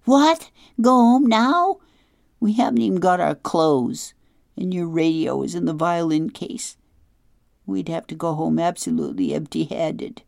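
A woman voicing a young girl who is upset and tearful, her voice rising high and breaking. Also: normal speed, gravelly, warm tone, no echo, studio quality.

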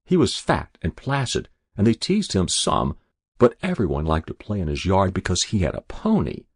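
A man with a very deep, gravelly voice reads a story aloud in measured, expressive narration. His pitch moves in lively rises and falls, and the sound is close and dry. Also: no room sound.

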